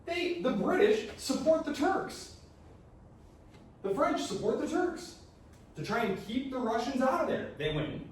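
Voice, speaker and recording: A man giving a casual history lecture in a classroom, joking and acting out countries in quick asides. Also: extremely high pitch, big pitch swings, slight background noise. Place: lecture hall. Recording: very echoey hall, recorded from a distance.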